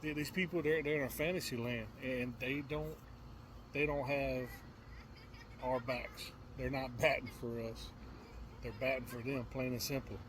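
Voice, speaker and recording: A man giving casual political commentary on his own channel, halting and often repeating his words. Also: mid-range voice, fairly even intonation, a bit bright, slight background noise. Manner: repetitive, halting, stumbles over words.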